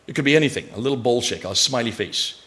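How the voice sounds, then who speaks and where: A man lecturing a live audience, animated and quizzing listeners with rhetorical questions. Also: mid-range voice, fast talker.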